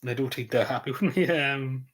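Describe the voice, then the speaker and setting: A man's voice: medium pitch, moderate pace, a bit bright. An Irish man streaming a casual chat. He rambles loosely, with lots of ums, uhs and likes. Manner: meandering, full of ums and likes.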